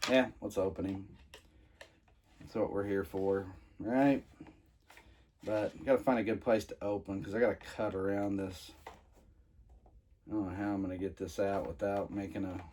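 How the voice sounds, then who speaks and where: A man's voice: low voice, steady tone, moderate pace, pauses often, a little mellow, a little hiss or hum. A man casually reviewing toys he is unboxing, rambling with many fillers and restarts. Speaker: toy reviewer.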